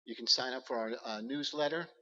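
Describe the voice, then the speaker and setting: A man speaking earnestly at a church service, halting often with fillers as he presents slides. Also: mid-range voice, bright, forceful tone, big-room sound, muffled recording.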